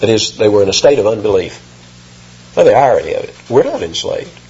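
A man's voice: on the low side, big pitch swings, a little fast, darkish tone, breathy edge. A man preaching an expository sermon, emphatic and rising sharply when he quotes. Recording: muffled lo-fi sermon recording.

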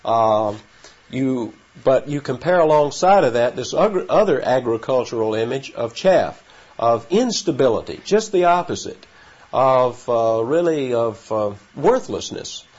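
A man giving an expository Bible lesson, explaining word meanings in a measured way with frequent pauses and fillers. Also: medium pitch, lively intonation, darkish tone. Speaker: Bible teacher. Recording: slightly dull lo-fi recording with faint ambience.

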